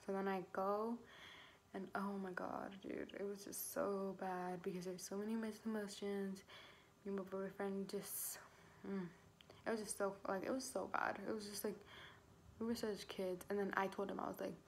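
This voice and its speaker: A woman's voice: mid-range voice, level tone, normal speed, a little hiss or hum. Casual young woman telling a story. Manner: casual, swears often, fills with "like"; acts out her own past quotes. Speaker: vlogger.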